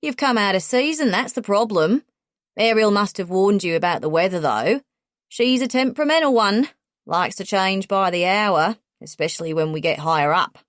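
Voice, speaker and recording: A woman's voice: medium pitch, lively intonation, normal speed, no echo, clean studio sound, close to an everyday voice. A woman voicing a brash young Australian man, a guide with a cocky, breezy, overconfident manner, in an audiobook.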